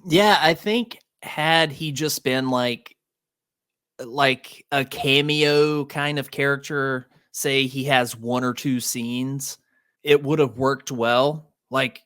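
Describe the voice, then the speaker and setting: A male guest on a film podcast, talking through his opinions in a measured way. He speaks slowly and deliberately. The recording is dry, with no room echo. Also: mid-range voice, a bit bright. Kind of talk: casual film review chat.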